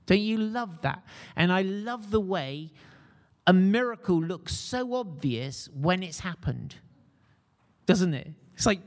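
A man's voice: sits high, animated, unhurried, long reverb tail. A man preaching a sermon in a conversational way, putting questions to his congregation.

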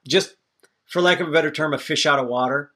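A man's voice: fairly high pitch, quick pace, pushed and bright. Opinionated man rambling on movies. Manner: rambling, opinionated, swears freely. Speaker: podcast co-host. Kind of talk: casual movie review chat.

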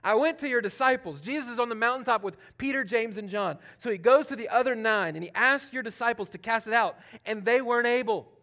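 A pastor's sermon in a loose, conversational style, delivered by a man with a notably high voice. He leans on casual fillers and moves between loud, emphatic phrases and hushed asides as he works through a passage. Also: fairly quick, few pauses.

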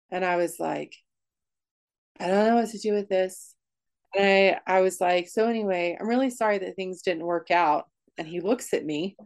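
A woman speaks as an interview guest, telling a personal story candidly. Her delivery is emotional and comes in quick bursts, with frequent restarts mid-sentence. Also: fairly low pitch, darkish tone.

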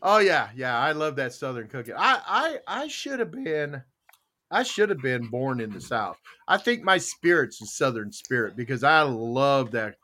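A man's voice: medium pitch, moderate pace. A man hosting a casual chat show, joking and teasing his guests. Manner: playful, jokey, animated. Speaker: show host.

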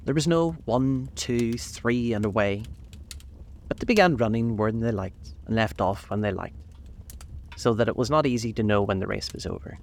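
A man narrating a storybook in a measured, gentle way. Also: fairly low pitch, creaky, slight background noise.

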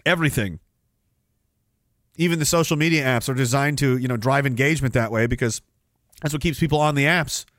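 A man's voice: medium pitch, brisk, long pauses, a bit bright, no room sound, studio quality. A man hosting a podcast, delivering rambling political commentary in a sarcastic, profane way. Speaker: podcast host. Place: Canada.

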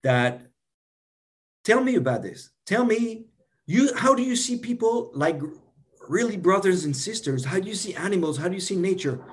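A man's voice: high-pitched, lively intonation, moderate pace. A man hosting a podcast, speaking earnestly and eagerly, pressing his guest with questions. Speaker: podcast host. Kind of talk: interview conversation.

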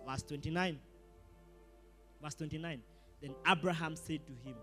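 A Kenyan pastor preaching a sermon with animated delivery, switching between English and Swahili slang and rising to shouts. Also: on the high side, moderate pace, long pauses, faint music behind.

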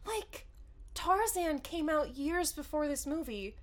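A woman in casual chat, wry and quick to laugh, adding jokey asides. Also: sits high, expressive. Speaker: podcast co-host.

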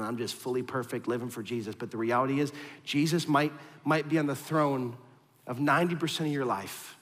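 Male pastor, 30s, casual storytelling sermon, self-deprecating, big hall echo, mid-pitched voice. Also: fairly bright tone. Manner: storytelling, self-deprecating, direct address to the congregation. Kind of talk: conversational sermon. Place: church auditorium. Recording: long reverb of a large hall.

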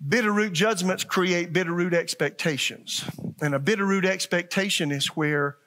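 A man's voice: high-pitched, moderate pace, a bit bright. A man in his sixties preaching a sermon to a church congregation, folksy and earnest, repeating lines and checking in with his listeners. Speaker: pastor. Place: church sanctuary.

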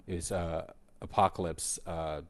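A middle-aged man with a very deep voice joins a casual podcast as co-host. He reminisces haltingly, with frequent fillers and false starts. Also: fairly even intonation. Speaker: guest co-host, the host's father.

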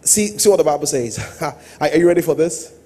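A male pastor preaching a sermon, swinging between quiet asides and loud, sung-out exhortation. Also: on the high side, expressive, a little fast.

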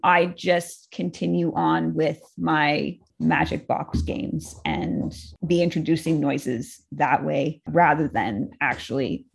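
A woman with a notably low voice talks through her training methods in a relaxed, chatty way. She explains step by step and fills her sentences with casual "like"s. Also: slow, vocal fry, breathy edge. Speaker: dog trainer, co-host.

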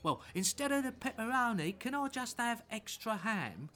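A man's voice: very high-pitched, big pitch swings, normal speed, pushed and bright, heavily acted. A man playing a fussy, stubborn diner on a date who keeps interrupting to change his order. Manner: pedantic, interrupting, indignant.

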